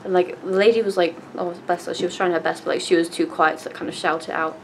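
A woman's voice: on the low side, steady tone, quick pace, a little hiss or hum, rough recording. A young woman, telling a story casually to camera with lots of fillers and the odd swear. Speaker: vlogger.

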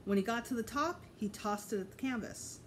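A teacher reading a children's chapter book aloud in an expressive storytelling manner. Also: female voice, a little high, brisk, slight background noise. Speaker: elementary school teacher.

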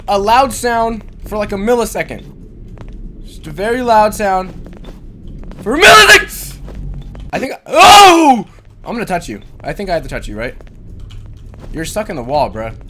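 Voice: mid-range voice, a bit bright, slight background noise. A gaming channel host giving panicked let's-play commentary, shrieking and repeating words over and over. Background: game music.

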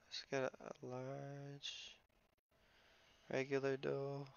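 A young man streaming a video game live, chatting casually and excitedly with viewers and teammates, swearing now and then. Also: mid-range voice, takes it slowly, gravelly, clean tone, highs cut off. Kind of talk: casual live gameplay commentary.

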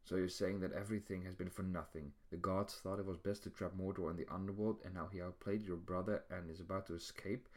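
A defiant young hero pushes back with raised, emphatic lines, as a male reader plays him. The voice climbs above the reader's low register but keeps a storybook feel. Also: steady tone, fast talker, hardly any pauses, darkish tone, lightly acted. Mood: angry.

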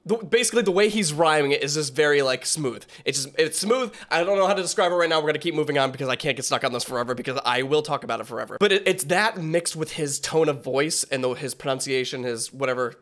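A man's voice: a little high, fast, few pauses, fairly bright tone. A young man hosting a casual reaction video, rambling with lots of fillers and restarts as he thinks aloud.

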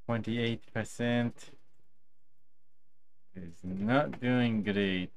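A man streaming a video game, talking slowly and patiently and chatting softly to his pet duck. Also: mid-range voice, vocal fry, a little hiss or hum. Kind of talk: casual live game stream chat.

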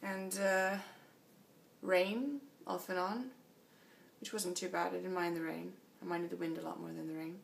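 A woman's voice: lowish voice, fairly even intonation, unhurried, creaky, recorded from a distance, slight background noise. A tired woman chatting casually in a video diary about her cycling trip, laughing often, in a small motel room. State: tired after a long flight. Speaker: long-distance cyclist vlogging.

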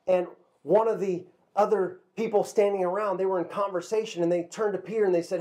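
A man telling a Bible story to children as a kids' pastor, lively and a little halting, often repeating a word before going on. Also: high-pitched. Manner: lively storyteller, repeats words while talking.

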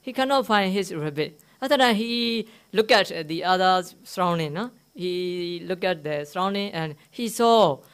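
A man's voice: high-pitched, animated, moderate pace, few pauses, a bit bright, clean tone. A man, a Buddhist monk, giving a dharma talk in simple broken English. He asks the listeners questions and tells a teaching story, repeating key words. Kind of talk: dharma talk to a live audience. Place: meditation centre hall.

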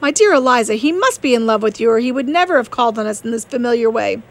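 A woman reading the part of an eager young woman confiding in a friend in an audiobook, excited and confiding. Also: fairly high pitch, quick pace.

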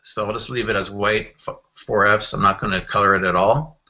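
A man walking through a software screen tutorial in a casual, think-aloud way, with fillers and self-corrections. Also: on the low side, fairly even intonation, a little fast, muffled recording. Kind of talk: screen-recorded software walkthrough.

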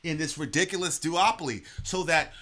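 Speaking at a normal speed in a slightly high, pushed and bright voice, a man co-hosts a reaction podcast. His casual political rant is animated, profane, and marked by tripping over repeated words.

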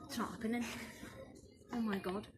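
A woman's voice: fairly high pitch, steady tone, moderate pace, background noise. A mother with a St Helens accent, chatting and joking in a casual vlog recorded on a phone. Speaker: vlogger, mother. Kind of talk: casual chat.

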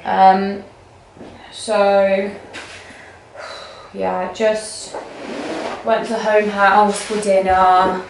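A woman's voice: mid-range voice, flat delivery, drawn-out words, pauses often, slight background noise. A young woman vlogging to a camera she points at herself in her apartment, rambling and chatty with many fillers. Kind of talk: casual talk to camera. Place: indoors in an apartment being packed up. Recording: roomy echo.

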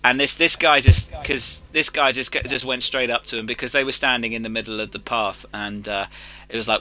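Casually chatting as he games, a British streamer host spins a long, rambling tale, restarting often and leaning on fillers. He speaks briskly at a medium pitch in a steady tone, over some background noise.

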